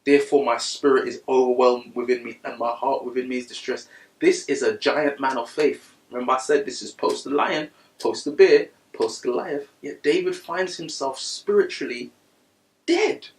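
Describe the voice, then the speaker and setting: A man preaching a sermon, reading scripture quietly and then rising to loud, high-pitched bursts of passion. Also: steady tone, normal speed, reverberant, recorded from a distance, poor audio.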